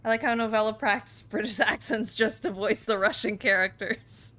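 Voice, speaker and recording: A woman's voice: mid-range voice, fairly even intonation, moderate pace, sharp tone. A woman streamer reading game dialogue aloud in a playful, giggly casual way. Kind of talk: casual game read-along.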